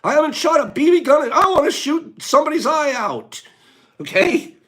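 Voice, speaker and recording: A man hosting a casual livestream, chatting to viewers in an animated way and laughing often. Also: very high voice, moderate pace. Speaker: livestream host.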